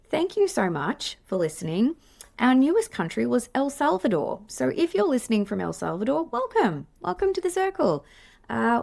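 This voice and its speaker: A play therapist in her forties with an Australian accent chats casually on her own podcast, rambling and effusive. Into the podcast microphone, her voice comes across a little high and darkish in tone, with vocal fry.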